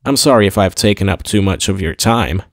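A man's voice: deep voice, expressive, a little fast, no room sound, studio quality. A man voicing a blunt, impatient male admiral in an audiobook, curt and brooding. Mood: terse. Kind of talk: audiobook character voice.

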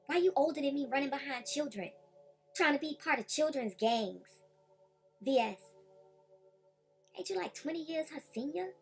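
A woman's voice: sits high, expressive, moderate pace, pauses often, faint music behind. A woman vlogger ranting heatedly and confronting rivals directly. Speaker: YouTube commentator. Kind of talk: vlog rant.

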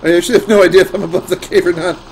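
A man's voice: high voice, fairly even intonation, very fast, a little mellow, slight background noise, rough recording. A man streaming a game, chatting casually with sarcastic, playful banter and free swearing while he plays. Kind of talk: casual gameplay chat. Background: game music.

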